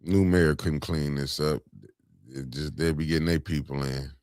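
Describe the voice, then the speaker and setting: A man's voice: rumbling low, fairly even intonation, normal speed, darkish tone, no room sound, studio quality. A middle-aged man, hosting a casual political chat, laid-back and sarcastic, often laughing. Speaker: host.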